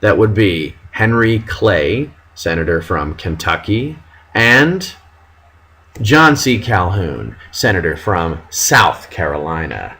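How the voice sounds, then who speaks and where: Low-voiced man giving a slow history lecture. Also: sing-song, bright, forceful tone, slightly rough, poor audio. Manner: dramatic, reads quotes with mock outrage. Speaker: history teacher.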